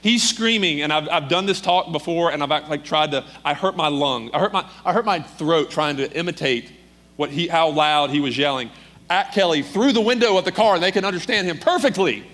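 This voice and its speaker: A male preacher tells a story from the pulpit with animated, dramatic delivery. His voice sits a bit high for a man. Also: a little fast. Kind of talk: sermon storytelling.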